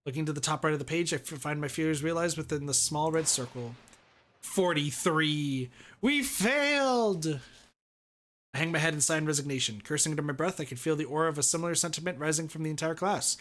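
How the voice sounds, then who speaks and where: A man streaming, reading a visual novel aloud in steady first-person narration. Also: fairly high pitch, fast, few pauses.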